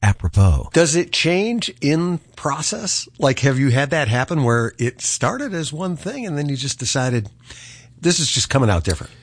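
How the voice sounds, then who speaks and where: A man hosting a radio interview with a slightly husky voice. His pitch moves around a lot as he chats and thinks aloud in a relaxed, conversational way. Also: moderate pace. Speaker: radio show host.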